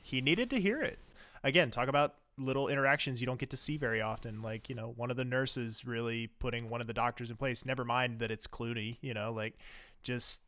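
A man's voice: mid-range voice, brisk, sharp tone, dry recording. A man co-hosting a casual podcast, rambling through his opinions on TV episodes with many fillers. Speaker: podcast co-host. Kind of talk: casual TV recap chat.

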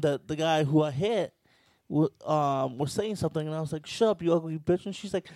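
Profane, animated storytelling man. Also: fairly high pitch, moderate pace, hardly any pauses, no room sound. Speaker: podcast co-host telling a story. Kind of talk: casual storytelling chat.

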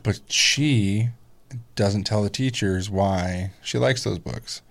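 A man in his thirties chatting casually as a podcast guest, telling family stories animatedly, swearing freely and mimicking squeaky kid voices. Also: slow, vocal fry, fairly bright tone. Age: 30s. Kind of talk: casual chat.

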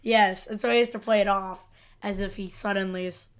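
A woman co-hosting a podcast, speaking in a relaxed way and adding short comments while reviewing a TV episode. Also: mid-range voice, brisk. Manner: laid-back, short agreeing replies. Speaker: podcast co-host. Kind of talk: casual chat reviewing a TV episode.

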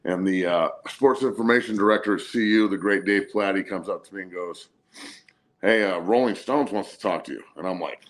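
A man's voice: fairly low pitch, brisk, a bit bright. A man in his forties co-hosting a casual sports talk show, laid-back and profane, laughing through his stories. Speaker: co-host, former college athlete. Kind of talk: casual storytelling chat.

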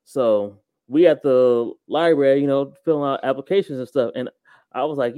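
A man's voice: mid-range voice, moderate pace, dark tone, clean tone, no room sound. A man co-hosting a podcast, telling a story in casual, rambling fashion with many restarts. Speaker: podcast co-host.

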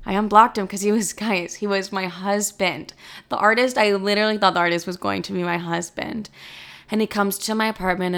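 A woman's voice: medium pitch, steady tone, a little fast, gravelly, a bit bright, clean tone. A young woman in her twenties telling a storytime, dramatic and profane, saying 'like' constantly. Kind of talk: casual storytime monologue.

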